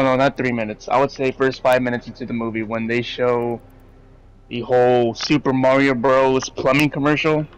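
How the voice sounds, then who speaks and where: A man's voice: mid-range voice, poor audio. Rambling, swearing young-sounding male host. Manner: rambling, swears freely, animated opinions. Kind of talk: casual movie review chat.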